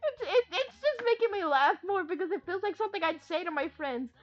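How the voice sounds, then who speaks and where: A woman streamer chatting casually and rambling, giggling often and swearing freely as she jokes around. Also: very high-pitched. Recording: dull lo-fi stream audio.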